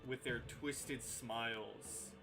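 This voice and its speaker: A man's voice: mid-range voice, steady tone, very slow, music in the background. A man running a tabletop game as game master, narrating casually with frequent fillers.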